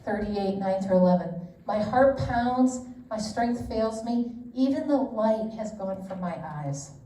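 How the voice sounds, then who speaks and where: This middle-aged woman's warm, mid-range voice is animated but unhurried as she leads a women's Bible study. She teaches casually, chatting candidly and wandering into asides, and the church meeting room sounds roomy and echoey through a distant mic.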